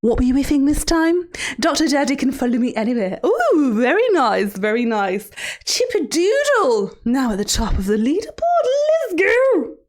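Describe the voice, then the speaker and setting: Woman putting on a creepy sugary villain lady, high voice that swoops all over, teasing and menacing on a live stream. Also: sing-song. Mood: playful teasing. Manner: sing-song, mock-sweet and menacing, drawn-out words. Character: creepy, teasing female villain therapist hosting cruel trials. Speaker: streamer in character. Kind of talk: live-stream character role-play.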